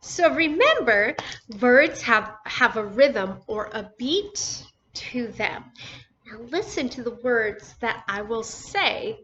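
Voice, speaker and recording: Brief: woman teacher for small kids, bright higher voice, patient syllable-by-syllable phonics delivery. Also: big pitch swings. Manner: slow, sounds out words syllable by syllable. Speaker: first grade teacher. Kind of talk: recorded phonics lesson for young children. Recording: dull lo-fi recording with faint noise.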